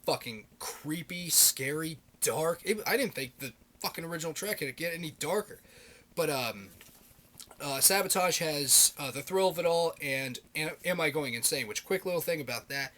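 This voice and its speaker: Man, thirties, casual vlog, swears a lot, excitable, rambling, a bit high-pitched. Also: moderate pace. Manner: heavy swearing, enthusiastic, rambling with fillers. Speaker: video blogger.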